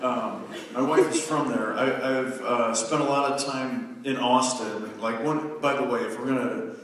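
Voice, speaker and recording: Guy in his 40s cracking jokes to a crowd, far off mic, big booming hall echo. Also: steady tone, fairly bright tone, slight background noise. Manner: conversational storytelling, self-deprecating, quick restarts. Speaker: guest speaker. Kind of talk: humorous live talk to an audience. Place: large lecture hall. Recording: distant mic in an echoey hall.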